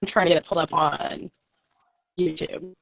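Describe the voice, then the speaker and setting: A woman joining a casual live-stream chat as a guest, playful and animated. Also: on the low side, moderate pace, vocal fry, low-quality recording.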